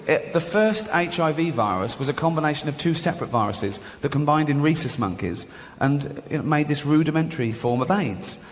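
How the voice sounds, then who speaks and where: A man performing a stand-up routine, deadpan storytelling with acted-out dialogue. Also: fairly high pitch, fairly quick, few pauses. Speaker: stand-up comedian. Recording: reverberant venue, faint noise.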